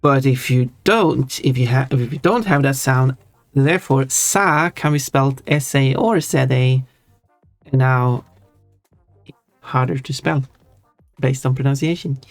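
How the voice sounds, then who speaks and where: Speaking a little slowly, a livestreamer with a Swedish accent chats casually and explains things, restarting and rephrasing mid-thought. The mid-pitched voice is captured dry and up close without echo, over faint background music.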